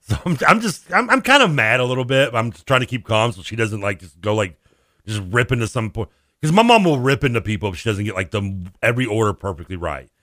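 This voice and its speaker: A man co-hosting a radio sports talk show, telling stories in a lively, laughing, animated way. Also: lowish voice, fast talker, dry recording, studio quality. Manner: animated storyteller, laughs often, acts out voices. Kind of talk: casual radio banter.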